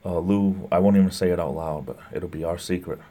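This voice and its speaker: Low-voiced man chatting on a livestream. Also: fairly even intonation, a little fast, dark tone. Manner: rambling, chatty, greets viewers by name; laughs often between remarks. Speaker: livestream host. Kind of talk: casual live chat reading viewer comments.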